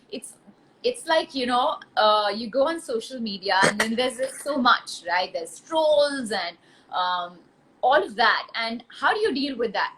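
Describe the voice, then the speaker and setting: A woman's voice: a little high, a bit bright, slight background noise. A woman interviewing a guest over a live video call, working out her questions with many fillers and restarts.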